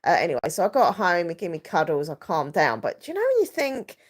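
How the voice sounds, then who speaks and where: A woman with a slightly low voice hosts a live stream. She rambles and confides with emotion, her sentences full of fillers and restarts. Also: huge pitch swings, fast.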